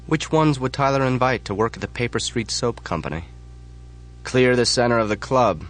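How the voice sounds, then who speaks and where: Low-voiced male audiobook narrator. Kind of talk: first-person audiobook narration.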